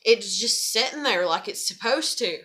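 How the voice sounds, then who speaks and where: A woman's voice: a little high, expressive, normal speed, bright, forceful tone. A young woman chatting in a loose, rambling vlog, swearing constantly. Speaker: vlogger. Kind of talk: rambling casual vlog chat.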